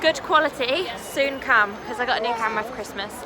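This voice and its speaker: A young woman chatting casually to her phone camera as she vlogs, playful and quick to laugh. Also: fairly high pitch, crowd noise. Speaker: vlogger. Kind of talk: casual vlog chat. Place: outdoors on busy city streets and in a café. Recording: phone recording with street noise. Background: street and traffic noise.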